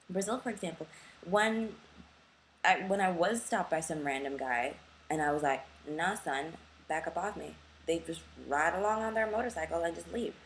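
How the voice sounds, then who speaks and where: A young woman with a sore throat rants to camera in a casual vlog, blunt and swearing freely. Her voice sits at an ordinary middle pitch. A faint hiss of background noise runs under the recording. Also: poor audio. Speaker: vlogger.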